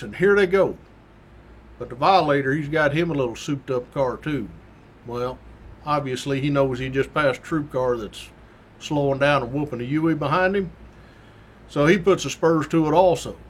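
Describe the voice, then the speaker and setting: A man's voice: fairly high pitch, slight background noise. A former state trooper telling a story from his patrol days in a folksy, slangy way. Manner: folksy, colorful, down-home slang. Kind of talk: casual anecdotal storytelling.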